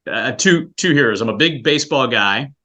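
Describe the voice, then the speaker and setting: A male guest from South Florida with a voice of ordinary male pitch. He speaks earnestly and thoughtfully about his work, often stopping and restarting his sentences. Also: lively intonation, moderate pace, bright, forceful tone. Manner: earnest, reflective, with frequent restarts. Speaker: guest, scouting executive director. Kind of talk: casual interview chat.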